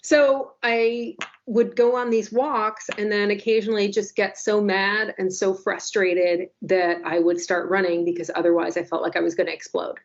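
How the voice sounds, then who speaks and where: A woman in her forties chats on a podcast, telling a story in a wry, self-mocking way full of quick asides. Her voice sits in a middle pitch. The audio is a little dull and lo-fi. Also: little pitch movement. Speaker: newspaper podcast co-host. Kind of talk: casual podcast chat.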